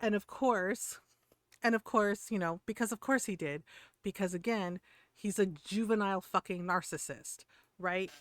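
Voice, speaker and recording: A woman's voice: medium pitch, normal speed, dry recording. Brief: woman streamer ranting, foul-mouthed and fired up, dry close sound. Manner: profane, heated, laughs between points. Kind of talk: casual ranting chat.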